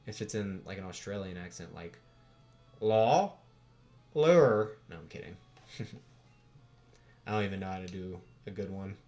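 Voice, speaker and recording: Young man, Western American accent, relaxed streamer chat, lowish voice, faint music under. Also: lo-fi sound. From United States. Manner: laid-back, swears casually, chuckles often. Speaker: livestream host. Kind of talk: casual livestream chat.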